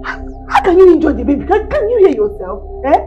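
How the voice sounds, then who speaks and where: A woman's voice: high-pitched, big pitch swings, quick pace, muffled recording, over music. A woman with a Nigerian accent playing a frustrated pregnant wife in a comedy skit, scolding and pleading with frequent "Eh?" tags. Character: frustrated pregnant young wife, insistent and emotional.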